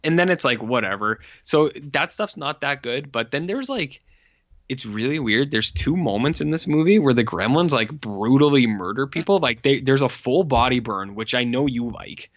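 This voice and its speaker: A man casually retells a horror movie's plot, stuffing his sentences with fillers and jumping into quick impressions of the characters. His voice sits at a middling pitch. The recording is dry and a bit dull, like a home podcast mic. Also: expressive, no echo. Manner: rambling, heavy "like" fillers, acts out characters' lines. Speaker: podcast co-host.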